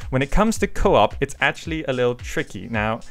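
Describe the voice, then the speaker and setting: A man with a medium, sing-song, fairly bright voice talks briskly into a desk microphone with faint music behind him. Hosting his gaming channel, he answers viewer questions in a casual, rambling Q&A vlog full of hesitations.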